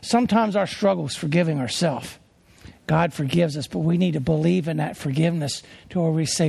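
A man's voice: a little high, brisk, vocal fry, darkish tone, breathy edge. A man preaching a sermon as a traveling preacher, earnest and emphatic as he tells stories.

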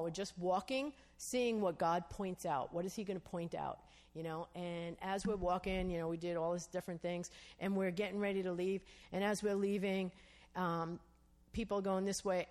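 A woman's voice: on the low side, a little mellow. A woman preaching, telling a story and acting out the dialogue in it, asking her listeners to agree. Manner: storytelling, acts out quoted dialogue, asks the audience "Amen?". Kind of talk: sermon testimony.

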